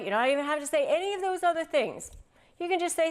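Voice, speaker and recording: A woman's voice: high voice, fast talker. A middle-aged woman hosting an advice talk, speaking straight to her audience and acting out the phrases she quotes. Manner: lively, acts out quoted phrases. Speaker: host. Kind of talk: direct-to-camera advice talk.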